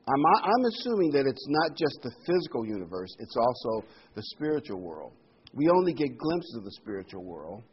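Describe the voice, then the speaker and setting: A man's voice: mid-range voice, husky. Man preaching with emphatic repetition. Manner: emphatic, repeats key words, loud bursts on stressed words. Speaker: pastor. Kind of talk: sermon. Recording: slightly dull lo-fi sound with faint room noise.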